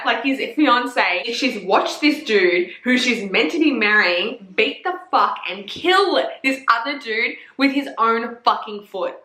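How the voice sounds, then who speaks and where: Speaking slowly with few pauses, a young woman with a voice on the high side talks books in a casual chat. She's a reviewer, sassy and animated, and swears a lot; the room has an echo.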